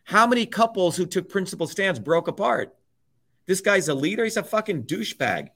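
A man's voice: high voice, lively intonation, a little fast, a bit bright. A middle-aged man, a guest, ranting about politics with constant swearing and hammering repetition. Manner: profane, emphatic, repetitive. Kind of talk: heated political rant.

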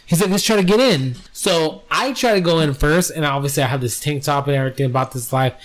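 A man on a casual podcast spins a long story with lots of swearing, slipping into the voices of the people in it. His voice sits a little high for a man. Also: fast talker. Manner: profane, animated storyteller acting out quoted voices. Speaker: podcast co-host.

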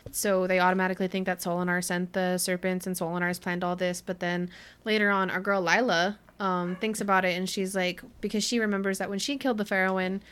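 A woman's voice: on the low side, fairly quick, clear, resonant tone. A woman co-hosting a casual book chat, animatedly retelling a plot and acting out the characters' lines. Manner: animated retelling with many "like" fillers, acts out characters. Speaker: podcast co-host.

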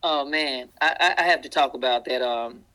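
Bright-voiced Southern man telling stories. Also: medium pitch, normal speed, poor audio. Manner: animated, acts out quoted voices. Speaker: guest. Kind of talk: casual storytelling interview.

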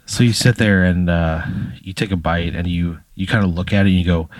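A man co-hosting a comedy podcast, telling a drawn-out story, swearing freely and laughing along. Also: low-pitched, dry recording, studio quality. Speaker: podcast co-host.

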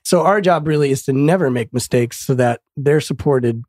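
A man hosting a podcast, a bass player speaking in thoughtful casual conversation about his craft. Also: moderate pace, a little mellow, no room sound. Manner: thoughtful, explains with hums of bass lines.

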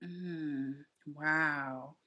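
A woman's voice: low voice, steady tone, extremely slow, pushed and bright. Effusive host woman with a New Orleans accent. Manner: effusive, enthusiastic, calls guest girl and baby. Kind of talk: casual interview chat.

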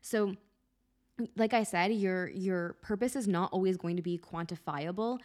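A woman's voice: lowish voice, unhurried, a little mellow. A young woman hosting a solo podcast about life purpose, chatting casually and emotionally, close to tears, with lots of "like" and frequent swearing.

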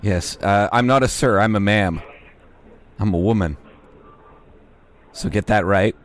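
A man making prank phone calls, delivering absurd lines in a deadpan way. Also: on the low side, unhurried. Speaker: prank caller, podcast host.

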